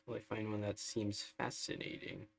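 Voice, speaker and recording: A man's voice: on the low side, level tone, normal speed, creaky, a bit bright, slight background noise. A man streaming a strategy game live, chatting through it in a wry, sarcastic way. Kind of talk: live gameplay commentary.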